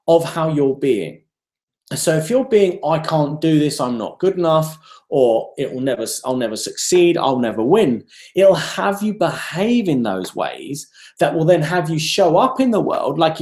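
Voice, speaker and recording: Man, animated speaker, lively pitch, rhetorical questions, roomy echo. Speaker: self-development speaker. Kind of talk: live online talk.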